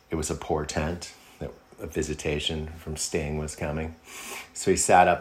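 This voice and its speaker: A man telling a long, rambling personal anecdote in a laid-back, casual way. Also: very deep voice. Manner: rambling, laid-back, with fillers and quoted asides. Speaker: storyteller.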